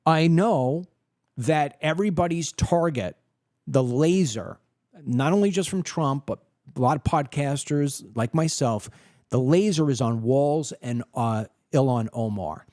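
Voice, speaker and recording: A man hosting a political podcast, giving opinionated commentary and acting out quoted people in an animated storytelling way. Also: on the high side, a little slow, no echo, clean studio sound.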